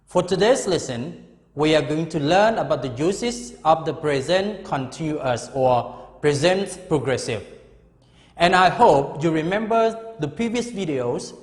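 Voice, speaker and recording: A high, lively male voice teaches grammar at a deliberate pace, stressing and repeating each point. A long hall reverb trails behind him. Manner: slow, emphatic, repeats key words. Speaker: English teacher. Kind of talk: classroom grammar lesson.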